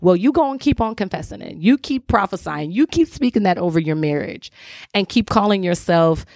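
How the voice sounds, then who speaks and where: A woman's voice: medium pitch, lively intonation, a little fast, a little mellow, no room sound, clean studio sound. A woman hosting a faith-based talk show, giving direct, emphatic advice to wives in an informal, preachy way. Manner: informal, addresses listeners as y'all. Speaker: podcast host.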